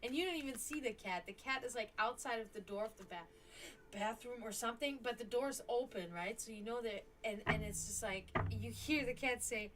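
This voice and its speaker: A woman's voice: a little high, moderate pace, fairly bright tone, slight background noise, poor audio. A woman hosting a live tarot stream, chatting casually, cursing now and then and talking to her pets between readings. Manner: chatty, swears casually, coos baby talk at her cat. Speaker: tarot reader and stream host.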